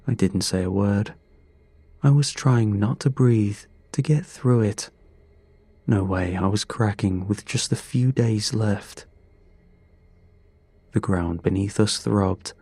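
A man giving scripted horror narration in a slow, measured, grim first-person telling. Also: on the low side, mellow, breathy edge, no room sound.

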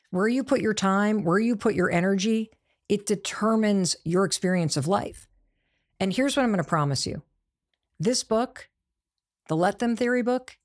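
Emotional, emphatic woman announcing news. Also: fairly low pitch. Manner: excited, breathy sighs, emphatic repetition. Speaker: author announcing her book. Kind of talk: emotional direct-to-camera announcement.

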